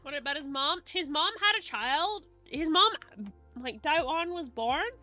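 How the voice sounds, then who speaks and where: Bright, excitable woman streamer. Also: high voice, measured pace, faint music behind. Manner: rambling, excitable, swears and giggles often. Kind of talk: casual stream chat.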